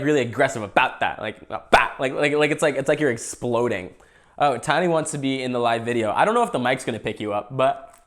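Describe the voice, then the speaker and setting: Young Canadian man, loose joking host, talks through his food. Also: medium pitch. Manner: rambling, joking, eating while talking. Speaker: podcast host. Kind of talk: casual livestream chat.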